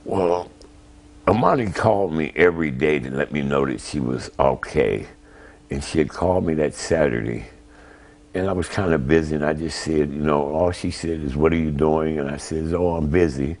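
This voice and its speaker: An older man with an extremely low, deep voice tells his family's story in a plain-spoken way. He is polite and measured, a grandfather speaking as a guest in an interview. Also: a little mellow. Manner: plain-spoken, polite, answers with "yes, ma'am". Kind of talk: emotional personal account.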